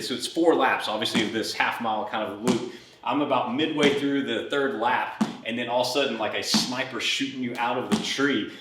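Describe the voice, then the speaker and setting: Recorded in a gym with heavy background noise, roomy echo and a far-off mic, a mid-range-voiced man in his forties hosts a fitness podcast. He coaches a workout as he rambles through a personal story, chatty and animated in the retelling.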